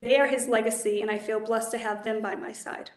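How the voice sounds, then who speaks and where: A woman in her forties giving measured, earnest testimony as a judicial nominee at a public hearing. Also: on the high side, steady tone. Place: council hearing chamber. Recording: echoey hearing room.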